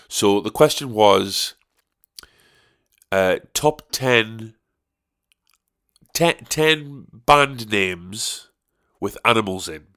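A man's voice: on the low side, gravelly, a bit bright. A man hosting a podcast, ranting alone in a profane, sarcastic way. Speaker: podcast host. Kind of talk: solo podcast rant.

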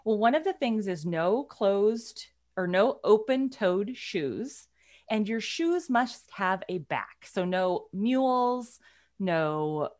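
A woman in casual chat as a podcast co-host, telling a story in a chatty, animated way and often laughing. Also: mid-range voice, takes it slowly.

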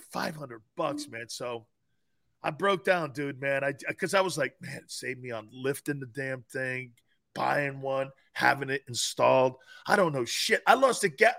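Male sports radio co-host, high and lively voice, profane storyteller. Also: creaky. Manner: profane storytelling, laughs loudly. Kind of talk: casual sports radio chat.

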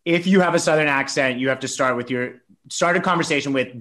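A man's voice: medium pitch, quick pace, fairly bright tone. A man co-hosting a podcast in casual chat, teasing and often restarting his sentences. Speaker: podcast co-host.

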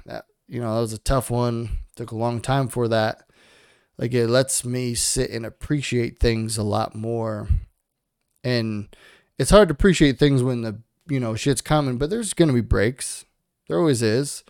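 A man's voice: medium pitch, unhurried, creaky, darkish tone, clear, resonant tone, dry recording, clean studio sound. A young man co-hosting a podcast, talking frankly and with plenty of swearing as he gives himself and his listeners a motivational push. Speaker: podcast co-host. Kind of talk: casual podcast talk.

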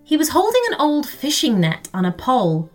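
A woman narrating a children's story in an expressive way. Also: high-pitched, moderate pace, soft background music. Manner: expressive and lively.

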